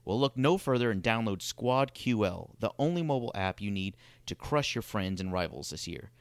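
A man reading a sponsor ad in a quick, upbeat sales pitch. His voice is fairly low, smooth and resonant. It is recorded dry and close. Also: lively intonation, dry recording. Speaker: podcast co-host. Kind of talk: ad read.

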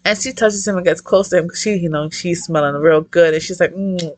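A young woman reviewing a manga in casual chat, excitable, swearing a lot and rambling off-topic. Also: lowish voice, a little fast.

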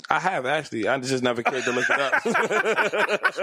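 A man's voice: a little high, moderate pace, husky, dry recording. A man co-hosting a casual podcast chat. He swears freely and laughs often as he talks. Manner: relaxed, profane, laughs often. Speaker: podcast co-host. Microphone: podcast mic.

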